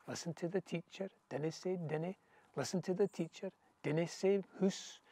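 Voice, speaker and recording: A man with a Scottish accent giving a rhythmic, measured poetry reading in Scots dialect, outdoors in a back garden. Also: sits high, dark tone, no echo. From Scotland. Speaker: poetry reader.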